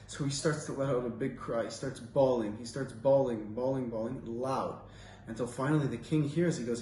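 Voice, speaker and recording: Picked up by a distant mic in a roomy space with faint ambience and slight background noise, a Torah teacher tells stories informally, rambling and using lots of fillers. His medium-pitched voice is a little mellow, with fairly even intonation and a moderate pace.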